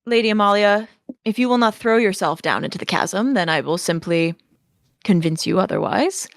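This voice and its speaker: A woman voicing a scheming male naval officer with a smooth, condescending manner. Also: mid-range voice, expressive, moderate pace, no echo, studio quality, close to an everyday voice. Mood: menacing. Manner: smooth, condescending, mock-polite.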